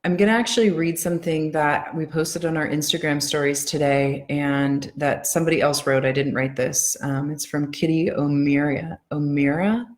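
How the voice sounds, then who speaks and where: Low-voiced woman, gentle tapping coach. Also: fairly even intonation. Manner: slow, soothing, gentle; earnest, heartfelt. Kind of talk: guided tapping affirmations; casual live-stream talk.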